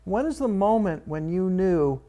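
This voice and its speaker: A man's voice: high-pitched, lively intonation, measured pace, warm tone. A man hosting a casual interview chat, asking curious, prodding questions. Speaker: podcast host.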